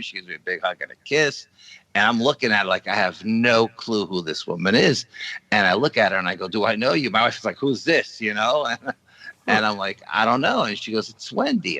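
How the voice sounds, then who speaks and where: A man's voice: lowish voice, dry recording, rough recording. A man on a podcast roundtable telling a long dream story, acting out the other people's lines. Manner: animated storytelling with acted-out quotes. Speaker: paranormal investigator guest.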